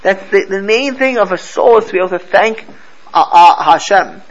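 A man's voice: high-pitched, lively intonation, normal speed, dull audio. A man teaching a Torah class to a live group, telling stories animatedly and mixing Hebrew and Yiddish terms into his English.

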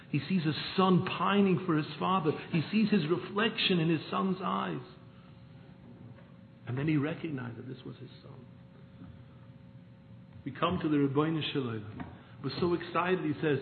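A man telling a parable in a sermon, moving from hushed narration to pleading. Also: a little high, gravelly, slight background noise. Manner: storytelling, swings from hushed to pleading. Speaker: rabbi. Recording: echoey room over a tinny phone-like line.

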